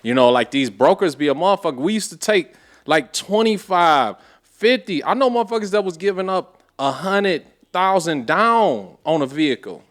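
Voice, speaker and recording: A man, a podcast guest, telling a story in a casual, animated way with profane street slang. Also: high-pitched, normal speed.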